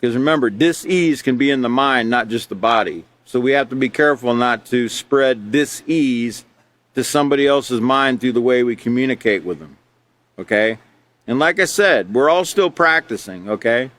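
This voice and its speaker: A man from Alaska teaching a character education class, reading from a textbook and explaining it in a relaxed, conversational way with frequent fillers. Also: medium pitch, moderate pace. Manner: relaxed and conversational, many fillers, laughs between points.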